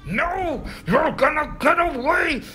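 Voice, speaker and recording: A man's voice: very high voice, animated, takes it slowly, sharp tone, soft background music, heavily acted. A man voicing a gluttonous fat villain in a game, taunting the player in melodramatic lines. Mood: frantic. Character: gluttonous fat villain guarding his fat powers.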